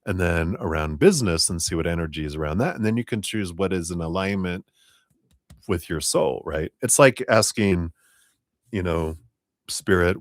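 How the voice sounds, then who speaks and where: A man doing a live-streamed tarot reading, talking gently and unhurriedly as he offers spiritual guidance. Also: low voice, moderate pace, dry recording, studio quality. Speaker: tarot reader.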